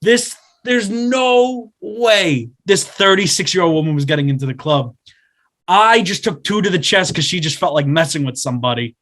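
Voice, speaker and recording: A man's voice: high-pitched, animated, normal speed, fairly bright tone. A man in his twenties co-hosting a podcast, telling a rambling anecdote in casual chat and acting out what people said. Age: 20s. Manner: rambling anecdote with acted-out quotes. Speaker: podcast co-host.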